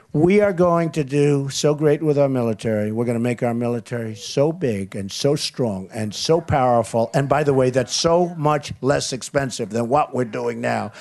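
A man's voice: mid-range voice, darkish tone. A man speaking as a political candidate at a campaign event, repeating lines and leaning on superlatives. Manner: repetitive, boastful superlatives. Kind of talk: campaign rally speech.

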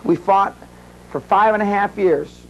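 A man's voice: high-pitched, measured pace, highs cut off, a little hiss or hum. A man speaking at a seminar, telling a long rambling story to a live audience with many restarts and fillers. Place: seminar room.

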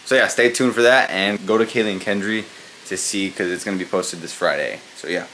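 A man's voice: on the low side, fairly quick, fairly bright tone, slight background noise. A young man talking casually to his vlog camera, rambling with lots of fillers. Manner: rambling, many fillers like "like" and "you know". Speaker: family vlogger.

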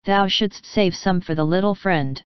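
A woman's voice: medium pitch, normal speed, smooth, no room sound, muffled recording, close to an everyday voice. A woman voicing a kindly old German professor. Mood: gently teasing.

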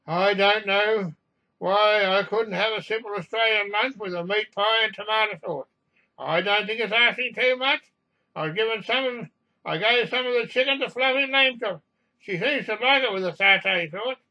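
A man's voice: sits high, normal speed, sharp tone, exaggerated voice, low-quality recording. A man voicing a plaintive passenger who travels with his cat and complains. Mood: complaining.

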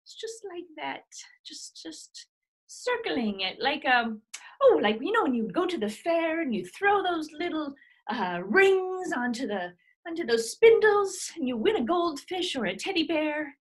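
A woman's voice: high voice, very animated, a little slow. A woman in an improvised comedy scene playing a scandalous, flirtatious grandmother, with a theatrical manner and swooping delivery. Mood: reminiscing. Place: home video call.

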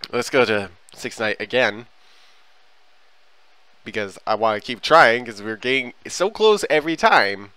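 A man's voice: mid-range voice, lively intonation, measured pace, pauses often, pushed and bright, smooth, dry recording, faint music behind, low-quality recording. A man hosting a gaming video, joking and rambling crudely as he plays. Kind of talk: let's play commentary.

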